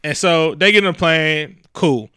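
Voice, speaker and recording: A man retelling a movie as a comedy bit, animated, slipping into character voices. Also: a little slow, clear, resonant tone, no room sound, clean studio sound. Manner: animated storytelling, voicing characters with big pitch jumps.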